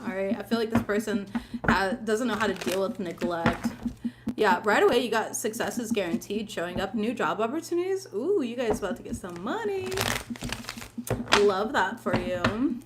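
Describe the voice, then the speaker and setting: A woman's voice: medium pitch, lively intonation, normal speed, heavy background noise. A woman giving a casual weekly tarot reading, chatty and informal, with many fillers. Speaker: tarot reader.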